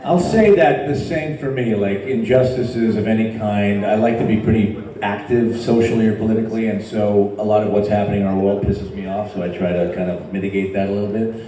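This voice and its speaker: A man's voice: fairly low pitch, steady tone, brisk, hardly any pauses, dark tone, slight background noise. A man on a convention panel, teasing his fellow panelists and ranting about small annoyances. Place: large hall, onstage. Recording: echoey hall from far off.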